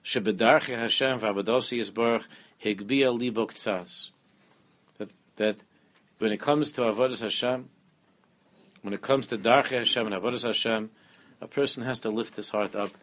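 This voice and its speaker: A man giving a lively Torah class, often repeating phrases and mixing Hebrew terms into his English. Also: medium pitch, normal speed. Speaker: rabbi teaching a class.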